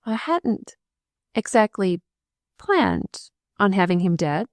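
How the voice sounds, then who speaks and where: A woman voicing an impulsive, emotional young nurse in an audiobook, talking in high, overwrought bursts. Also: big pitch swings, takes it slowly, dry recording. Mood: resentful, stormy. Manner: overwrought, swinging between wailing and shrieking.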